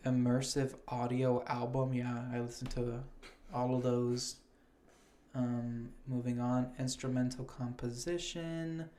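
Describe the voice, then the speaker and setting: A man's voice: mid-range voice, flat delivery, mellow, a little hiss or hum. A young man hosting a casual podcast, reading award nominations aloud and swearing freely in loose chat. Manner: casual, swears freely, reads names slowly. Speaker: podcast host.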